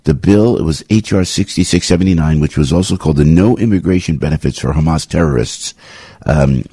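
A man's voice: extremely low pitch, a little fast, warm tone, slightly rough, dry recording, studio quality. A man hosting a talk radio show, giving rambling, indignant commentary with lots of restarts.

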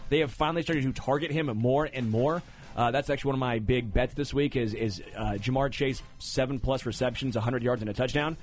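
A man hosting a sports talk show, making picks and teasing his co-hosts with animated, excitable banter. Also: mid-range voice, brisk, faint music behind.

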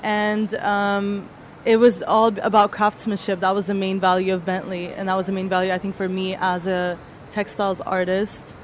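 A woman's voice: medium pitch, completely flat delivery, normal speed, slight background noise. Hesitant woman textile artist interviewed outdoors. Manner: hesitant, with fillers and restarts. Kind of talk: casual interview answers. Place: outdoors at a design event.

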